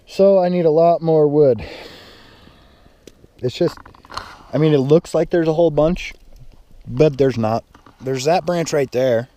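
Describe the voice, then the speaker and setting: A man's voice: a little high, measured pace, long pauses, mellow. A young man chatting casually while camping alone outdoors, rambling with lots of fillers. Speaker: outdoor vlogger. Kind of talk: casual solo camping vlog. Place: outdoors at a mountain campsite.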